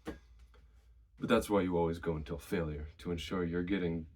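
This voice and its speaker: A man's voice: low-pitched, normal speed. A man casually sharing his own workout advice, a little out of breath. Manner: relaxed, conversational, shares personal experience. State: slightly out of breath. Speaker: fitness vlogger.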